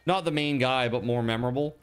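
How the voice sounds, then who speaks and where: A male game streamer talks to his viewers in an everyday voice of middle pitch. His chat is animated and rambling, full of fillers and restarts. Faint music plays behind him. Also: fairly quick, smooth. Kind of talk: casual chat while playing a game.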